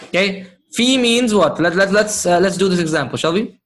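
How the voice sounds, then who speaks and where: A man's voice: sits high, moderate pace, a bit bright. A man teaching Arabic grammar to a live class, patient, often checking whether students follow.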